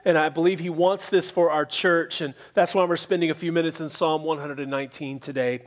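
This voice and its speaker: A man's voice: on the high side, fairly even intonation, fairly quick. A man preaching a sermon as pastor, explaining scripture earnestly with emphatic repetition.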